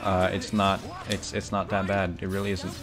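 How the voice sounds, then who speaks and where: Over music, a man with a low, completely flat voice streams a video game at normal speed. He chats casually and rambles, with lots of fillers and restarts, and banters with his chat.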